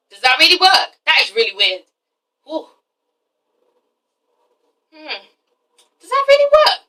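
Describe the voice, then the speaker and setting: High-pitched, bright, and forceful, a nineteen-year-old English vlogger reviews reality TV in a casual rant full of sass and profanity, often tacking "okay?" onto her points. The mic is distant and the recording low-quality.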